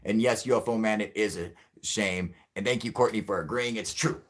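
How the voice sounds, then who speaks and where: A man's voice: on the low side, brisk. A man hosting a livestream, ranting angrily and swearing a lot as he answers the chat. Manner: angry, profane, ranting. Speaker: channel host.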